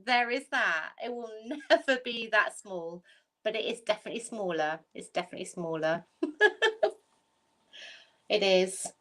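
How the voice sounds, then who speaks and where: A woman's voice: medium pitch, moderate pace, pauses often, fairly bright tone. A woman hosting a livestream chat, talking candidly, laughing often and repeating herself for emphasis. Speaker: livestream host. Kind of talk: casual chat.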